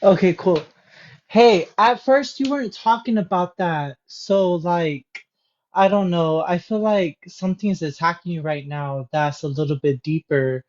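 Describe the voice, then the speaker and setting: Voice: medium pitch, a little slow, darkish tone. Laid-back caller on dull lo-fi audio. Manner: laid-back, rambling, hesitant. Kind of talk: casual call-in chat.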